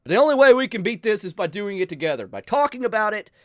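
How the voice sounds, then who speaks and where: An emotional man speaks straight to his viewers, pleading with them and pausing to sigh as he goes. His voice sits a little high, and his pitch rises and falls a lot between soft moments and urgent ones. The sound is close and dry, with no room around it. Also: sing-song, no echo. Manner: emotional, pleading, with sighs and pauses. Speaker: channel host. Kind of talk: earnest heartfelt talk to viewers.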